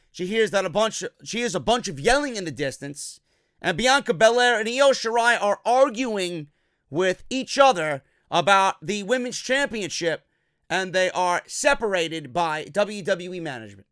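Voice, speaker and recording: A man's voice: high-pitched, sharp tone, clean tone, dry recording, studio quality. A man recapping a wrestling show in a casual, blunt, opinionated way, swearing freely.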